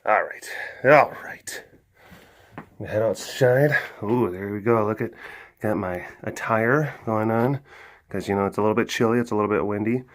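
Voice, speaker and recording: A man's voice: fairly low pitch, normal speed. Chatty man vlogging outdoors. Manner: chatty, rambling, laughing. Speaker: big cat sanctuary keeper. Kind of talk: casual vlog. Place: outdoors in cold wind.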